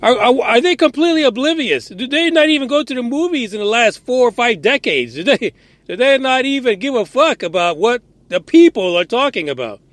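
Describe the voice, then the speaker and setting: A man's voice: extremely high pitch, very animated, fairly quick, fairly bright tone, dry recording. A man hosting a podcast, giving ranting news commentary in a profane, sarcastic and exasperated way, firing off incredulous questions. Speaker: podcast host.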